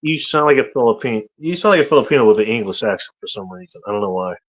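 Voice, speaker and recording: A man's voice: lowish voice, expressive, very fast, low-quality recording. A man from the United States hosting a casual chat, rambling and joking with many restarts. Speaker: host.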